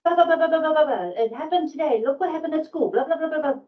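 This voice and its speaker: A breathless, chattering young child rattles on in a high voice, put on by a woman. The excitement runs on without a break. The recording is dull and lo-fi. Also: fast, recorded from a distance, lightly acted. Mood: excited.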